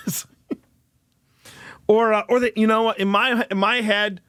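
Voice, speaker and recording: A male host reacting to clips in casual commentary, animated, laughing often and restarting sentences. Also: high voice, moderate pace, long pauses, clean tone, no echo, studio quality.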